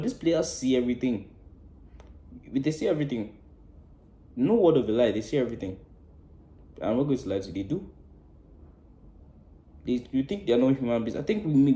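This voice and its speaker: This football fan channel host, a man of medium pitch, delivers a heated, preachy reaction to a match, swearing freely. His rant alternates between loud bursts and hushed side comments, recorded in an echoey room.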